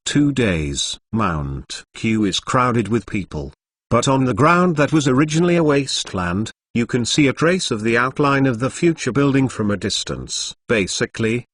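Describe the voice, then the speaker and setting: A male narrator reads a web novel in an uneven, stilted rhythm, breaking lines at odd points. His pitch swings widely up and down. The sound is close and dry, with no room around it. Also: a bit bright, no echo. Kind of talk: machine-read novel narration.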